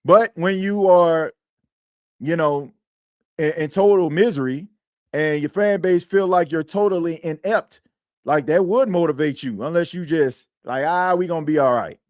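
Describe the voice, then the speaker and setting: A man's voice: a little high, unhurried, darkish tone, no echo, studio quality. A man hosting a sports podcast in casual chat, rambling and slangy, repeating himself as he talks.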